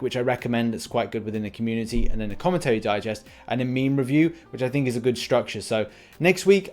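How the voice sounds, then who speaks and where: A young man in mid pitch, hosting a gaming show in a loose, rambling way as he answers viewer comments. He keeps restarting his sentences and filling gaps with "uh" and "um". Soft music plays faintly underneath. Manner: rambling, frequent restarts and fillers. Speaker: gaming channel host.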